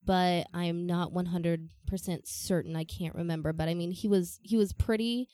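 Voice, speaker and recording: Female podcast co-host, lower voice, dry mic, easygoing narrator who laughs a lot. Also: moderate pace, no echo. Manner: laughs often, fillers, relaxed storytelling. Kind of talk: casual history chat.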